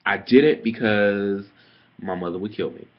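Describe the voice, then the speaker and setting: A man's voice: lowish voice, normal speed. A young man telling a story about a petty coworker in a sassy, profane, dramatic rant, like a casual vlog. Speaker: vlogger. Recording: dull lo-fi webcam audio.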